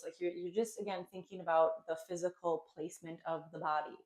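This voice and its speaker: A woman's voice: on the low side, brisk, hardly any pauses. A woman teaching a yoga class, talking casually with many fillers and light laughs. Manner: chatty, with many ums and likes, laughing lightly.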